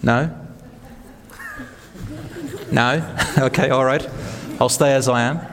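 A man's voice: mid-range voice, fairly even intonation, slow, fairly bright tone, in a large hall. A man giving an earnest, encouraging religious talk, telling stories to an audience. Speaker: speaker at a talk.

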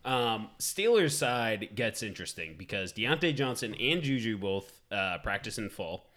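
A man co-hosting a casual fantasy football chat, brisk and matter-of-fact. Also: on the low side, very animated, a bit bright. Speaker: podcast co-host.

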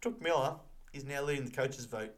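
An Australian man co-hosting a podcast, chatting casually about football, jokey and quick to laugh. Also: mid-range voice. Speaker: podcast co-host. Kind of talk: casual footy chat.

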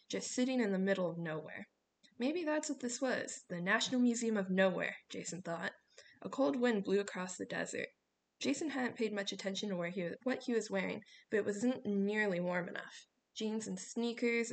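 A woman reading a novel aloud in steady scripted narration. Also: medium pitch. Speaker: audiobook reader.

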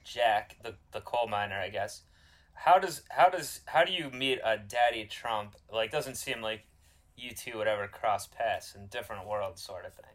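A man's voice: lowish voice, moderate pace. A man co-hosting a podcast in casual comedic chat, teasing and often restarting his sentences. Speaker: podcast co-host.

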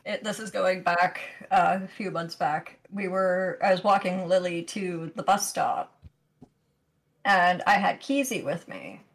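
A man co-hosting a casual podcast chat, telling a story in a measured, wry way. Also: high-pitched, gravelly, fairly bright tone, low-quality recording. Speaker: podcast co-host.

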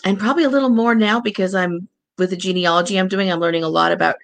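A woman's voice: mid-range voice, fairly even intonation, fast, vocal fry. A woman co-hosting a grief podcast in casual chat, frank with a wry humor. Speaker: podcast co-host, grief counselor.

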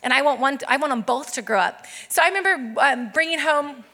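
Bright, high-voiced woman pastor preaching. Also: a little fast. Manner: animated storytelling with acted-out quotes. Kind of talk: sermon.

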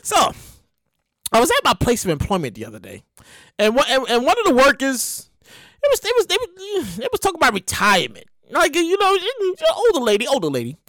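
A high, bright woman's voice that swings wildly up and down as she rattles off a story. She talks fast, laughs often and swears freely, and the sound is close and dry. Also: huge pitch swings, dry recording. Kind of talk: casual storytelling monologue.

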